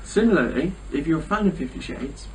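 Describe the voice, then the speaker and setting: A man's voice: on the high side, animated, a little fast. A young man co-hosting a podcast, making dry, wry remarks in casual chat. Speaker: podcast co-host. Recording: distant mic with faint ambient noise.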